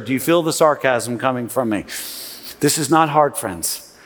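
A middle-aged man, a pastor, preaching a sermon in a conversational, animated way with sarcastic asides and frequent restarts. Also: medium pitch, moderate pace. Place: large church sanctuary. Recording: long reverb of a large church hall.

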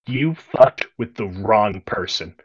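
A man's voice: lowish voice, breathy edge, highs cut off. A man doing a gleeful cruel dragonborn villain. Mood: taunting. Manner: gleeful, cruel, drawn-out taunting. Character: smug menacing godlike dragonborn man.

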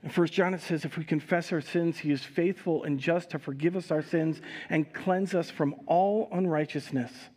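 A male pastor giving a communion sermon in a live church service, reading scripture expressively and adding relaxed, conversational asides. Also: a little high, moderate pace, few pauses. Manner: reads scripture expressively, raising voice for quoted speakers.

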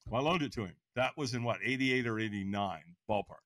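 A man's voice: lowish voice, brisk, no echo. A man in his sixties, a podcast guest telling his life story with energy, laughing and acting out voices. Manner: energetic, laughing, acts out quotes. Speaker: podcast guest, firewalk instructor. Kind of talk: animated personal storytelling.

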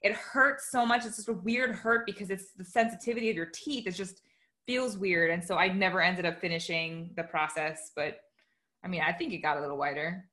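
A woman in casual chat, easygoing and quick to laugh. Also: fairly low pitch, a bit bright.

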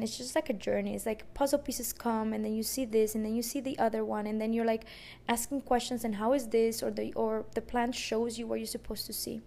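A woman's voice: a little high, vocal fry, mellow. A woman podcast host telling a personal story in an emotional, rambling way, with many fillers and restarts.

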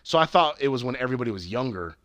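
A man's voice: medium pitch, expressive, very fast, a bit bright, no echo. Guy rambling thru a tv recap, lots of ums and restarts, swears a ton, dry close mic. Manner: rambling, swears a lot, many fillers and restarts. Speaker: podcast co-host. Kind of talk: casual chat recapping a TV show.

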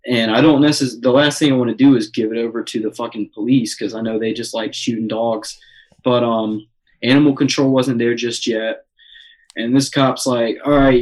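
A man's voice: medium pitch, moderate pace, poor audio. A young man telling a wild story in casual chat, swearing often and filling with "like" and "um". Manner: excited, swears a lot, many fillers.

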